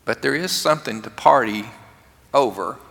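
A man preaching a lively, conversational sermon to his congregation, acting out quotes along the way. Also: mid-range voice, moderate pace, vocal fry. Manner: animated, conversational, acts out quotes. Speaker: pastor. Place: church sanctuary. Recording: long reverb of a large church hall.

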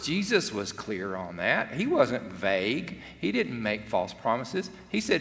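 A man's voice: medium pitch, wildly swooping pitch, a little slow, vocal fry, few pauses, fairly bright tone. A middle-aged man, preaching an earnest, conversational sermon and acting out quotes. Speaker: pastor. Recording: long hall reverb.

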